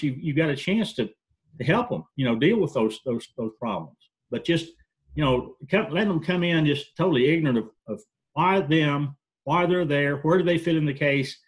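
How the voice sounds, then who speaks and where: A man with a voice a little higher than most men's tells folksy war stories on a webinar panel. He often repeats words while he works out what to say next. He is heard over a video call. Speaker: jury consultant.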